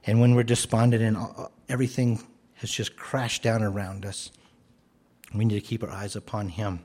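A man preaching a sermon, earnest and explanatory, rising to emphatic declarations and dropping to a soft, gentle tone. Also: lowish voice, little pitch movement, normal speed, breathy edge. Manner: earnest, rises to emphatic commands then drops soft.

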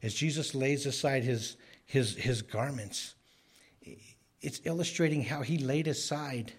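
A man's voice: mid-range voice, measured pace, husky. A man preaching an expository sermon, speaking emphatically and briefly acting out the characters he quotes.

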